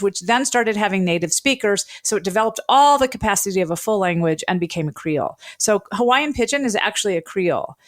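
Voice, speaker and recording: A woman linguist interviewing, explaining with curiosity and laughing easily. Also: mid-range voice. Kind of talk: casual interview conversation.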